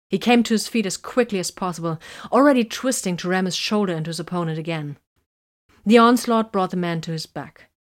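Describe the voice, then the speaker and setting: A woman reading a story aloud in a steady, measured narration. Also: fairly low pitch. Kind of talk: audiobook reading of fan fiction.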